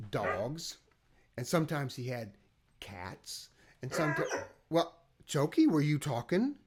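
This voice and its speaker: A man's voice: fairly high pitch, a little hiss or hum. A teaching artist on a home livestream, talking playfully to children and his dogs between songs. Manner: animated, playful, talks to his dogs and viewers. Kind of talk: children's music session on a livestream. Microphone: livestream camera. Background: guitar.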